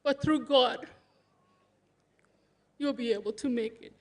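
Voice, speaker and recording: In a slightly high voice at a slow pace, a woman pays emotional tribute to her late brother-in-law at a funeral service. She is his sister-in-law, speaking before the congregation, laughing and crying by turns.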